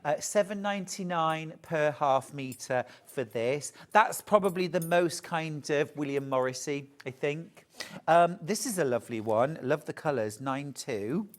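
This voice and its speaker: A woman's voice: sits low, animated, a little slow. A middle-aged British woman presenting a live TV shopping show about sewing, chatting and gushing over fabrics.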